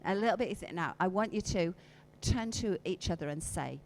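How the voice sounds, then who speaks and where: In a conference hall, a woman leads a live workshop, coaxing the audience through exercises and acting out emotions with her voice. She speaks fairly quickly with a fairly low, darkish voice and lively intonation. The recording is rough.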